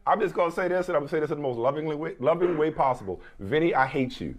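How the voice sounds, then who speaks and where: A man's voice: fairly high pitch, animated, fast talker, few pauses. A man co-hosting a sports talk show, playful and teasing, often restarting his words. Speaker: co-host.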